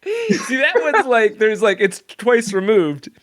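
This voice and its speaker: A man's voice: very high-pitched, sing-song, fairly bright tone, dry recording. Giggly American man hosting, dry sound. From United States. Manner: giggly, curious, quick to laugh. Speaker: podcast host. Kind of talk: casual interview chat.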